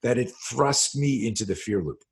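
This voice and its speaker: In a mid-range voice at normal speed, this middle-aged man, a self-defense instructor, recounts a story for an interview. He curses without restraint and performs the scenes as he narrates, animated throughout.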